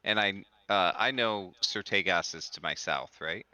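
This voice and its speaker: A man's voice: deep voice, measured pace, bright, forceful tone, smooth, no echo, muffled recording. A man playing in a tabletop game, talking hesitantly with many fillers. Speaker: player. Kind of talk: tabletop game play, casual chat.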